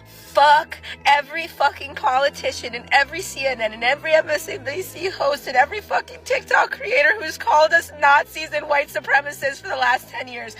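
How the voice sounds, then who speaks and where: A woman's voice: high voice, a little fast, few pauses, a bit bright, faint music behind, rough recording. A woman ranting to a phone camera, angry and close to tears, swearing heavily. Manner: angry, tearful, heavy swearing. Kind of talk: emotional political rant to camera.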